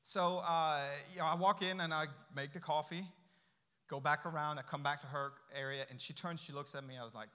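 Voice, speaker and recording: A man's voice: a little high, fairly even intonation, brisk, bright, forceful tone, smooth. A middle-aged man giving a guest sermon in a church, telling a personal story in a conversational way and acting out the dialogue. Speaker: guest speaker. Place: church sanctuary. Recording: long hall reverb.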